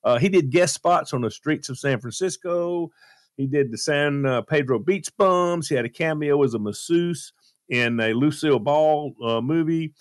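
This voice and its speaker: A male radio host telling a story in a casual, animated way, with plenty of fillers. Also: fairly high pitch, normal speed, no echo, studio quality. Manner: lively, animated retelling with fillers.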